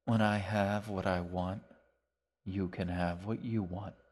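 A man voicing a cold, menacing man who speaks in a quiet, flat monotone. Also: low-pitched, slow pace. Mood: quiet menace.

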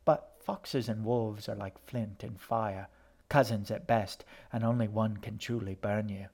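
A cruel storybook boy who sneers and mocks, sometimes drawing his words out slowly to menace, voiced by a man reading aloud. Under the false cheer he is plainly hostile. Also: lowish voice, fairly even intonation, a little mellow. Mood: menacing. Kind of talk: audiobook character voice.

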